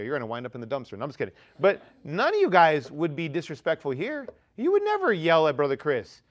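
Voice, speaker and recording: Joking, conversational male pastor preaching. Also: high voice. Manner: conversational and joking, swings between loud emphasis and quiet asides. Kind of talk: youth sermon. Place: church sanctuary.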